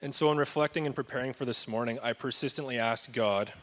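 A man's voice: mid-range voice, a bit bright. A man addressing a church congregation to thank a departing pastor, speaking earnestly and reverently and then reading scripture as a blessing. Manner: earnest and reverent, with a few pauses and restarts. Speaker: church member leading a farewell blessing for the pastor. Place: church service before a congregation.

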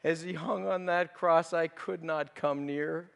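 A guilt-stricken disciple Peter, played by a man, recalling his denial in a dramatic first-person monologue. The voice sits high for a man and carries a long reverb, as if from a big hall. He swings from urgent outbursts to hushed, broken confession. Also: steady tone, measured pace, gravelly, clear, resonant tone. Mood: grieving. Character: remorseful male disciple Peter, grown man haunted by guilt.

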